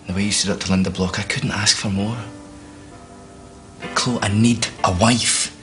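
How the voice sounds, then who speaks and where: An actor playing a weary, lonely husband pleading quietly with his wife in a TV drama. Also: lowish voice, steady tone, moderate pace, faint music behind, close to an everyday voice. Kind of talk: TV drama acting.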